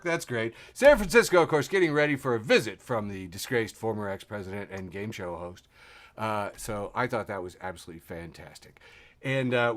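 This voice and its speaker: Bright-voiced sardonic podcast host. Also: male voice, medium pitch. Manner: rambling, sardonic, swears freely, chuckles often. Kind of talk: casual news-and-memes chat. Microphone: video call.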